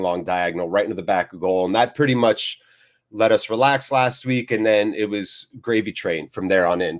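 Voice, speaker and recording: A man hosting a live football watchalong, chatting to viewers in an upbeat, jokey way and reading out their comments. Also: on the low side. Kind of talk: live-stream chat to viewers.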